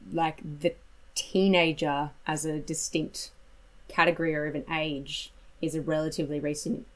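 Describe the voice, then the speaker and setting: A woman interviewing a guest, asking thoughtful, measured questions. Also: low-pitched, level tone, low-quality recording. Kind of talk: interview chat.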